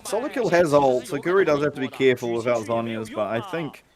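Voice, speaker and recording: A male co-caster with an average-pitched voice gives color commentary. He talks in relaxed, chatty asides between plays. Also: fairly quick, faint music behind. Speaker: esports co-caster.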